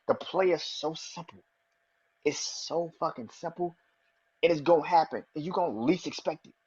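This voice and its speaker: A man hosting a podcast, talking excitedly and with a lot of swearing, repeating his predictions for emphasis. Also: on the high side, husky, highs cut off. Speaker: podcast host. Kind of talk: casual wrestling commentary.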